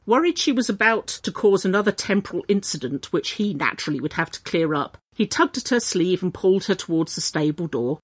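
Husky lady reading a funny story, lots of ups and downs in her voice, lowish pitch. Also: a little fast, few pauses. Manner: lively, animated reading with playful shifts in pitch.

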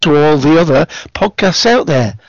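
A man's voice: a little high, expressive, moderate pace, creaky, no echo, dull audio. A man giving a joking holiday greeting as a podcast guest, with dry teasing.

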